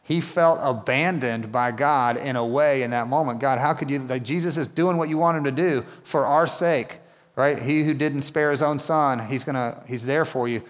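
Man, pastor, mid-pitched, chatty sermon, long church-hall reverb. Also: moderate pace. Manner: conversational, asks the congregation questions.

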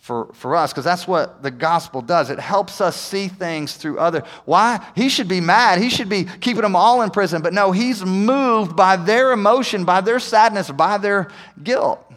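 A man with a notably high-pitched voice delivers a conversational sermon, tossing in frequent "right?" asides and swinging between hushed and emphatic stretches. He is heard in a church sanctuary with a long, lingering hall reverb. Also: normal speed, hardly any pauses. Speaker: pastor.

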